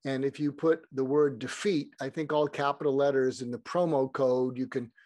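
A man's voice: mid-range voice, steady tone, normal speed, a little mellow, dry recording. A man telling stories as a podcast guest, meandering and restarting his sentences. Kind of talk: casual rambling storytelling.

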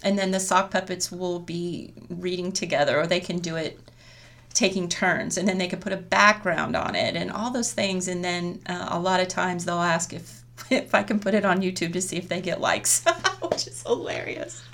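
A woman's voice: lowish voice, normal speed, vocal fry, a bit bright. A woman elementary school teacher explaining a classroom method in a friendly, chatty way with frequent laughs. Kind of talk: casual professional chat.

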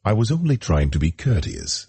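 Stiff, formal colonel in an audiobook, courteous; very deep gravelly voice, read by a man. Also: wildly swooping pitch, moderate pace, dark tone, dry recording, full character voice.

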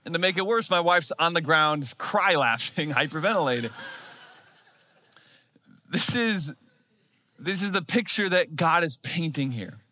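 A man in his thirties preaching a sermon, telling a story with animated, self-mocking humor. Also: high voice, normal speed, dry recording. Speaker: pastor.

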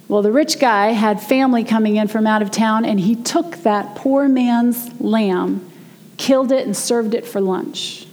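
A woman preaching a sermon, retelling a story in a chatty way and slowing down to stress key words. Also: a little high, darkish tone, big-room sound. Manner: conversational storytelling, slows down for emphasis. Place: church sanctuary.

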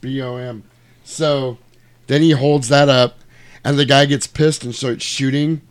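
A man casually retelling a movie plot in chat, animated and swearing, acting out lines in put-on voices. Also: mid-range voice, measured pace, clear, resonant tone.

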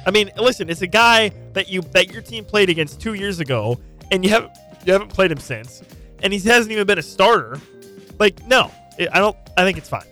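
Male sports talk co-host, higher voice, pushes back and debates, light music bed under him. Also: animated, fairly quick, sharp tone. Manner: argumentative, questioning, retells anecdotes.

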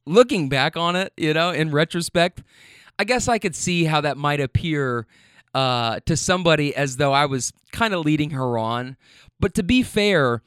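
A man who drives for a rideshare service, telling a story in a casual, animated way, full of fillers and swearing. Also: fairly high pitch, no echo, clean studio sound.

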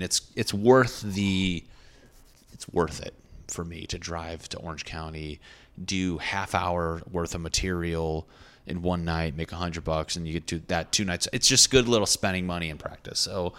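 A man's voice: low-pitched, fairly bright tone. A young man, a stand-up comedian, casually telling a rambling, profane story and often correcting himself.

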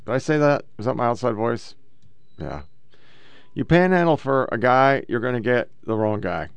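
A man's voice: mid-range voice, very animated, moderate pace, smooth, muffled recording. A middle-aged man hosting a casual, profane commentary show, bluntly lecturing about the clips he plays. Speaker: podcast host reacting to clips.

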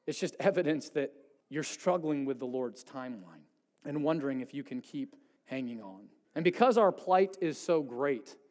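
Male pastor, high tenor range, sermon delivery with pleading swells and hushed drops, long church reverb. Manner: swings from pleading intensity to hushed quiet. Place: church sanctuary.

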